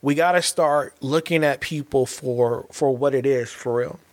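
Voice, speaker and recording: An earnest man speaks as a father in a heartfelt monologue, with a mid-pitched voice. He keeps circling back and restarting phrases, pressing his points with emphasis. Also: measured pace, darkish tone.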